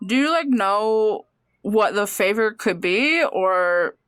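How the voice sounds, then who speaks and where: A woman's voice: medium pitch, expressive, takes it slowly, a bit bright, clean tone, no room sound. A woman playing a tabletop game, playful and rambling, laughing as she talks. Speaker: player. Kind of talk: casual chat at a tabletop game.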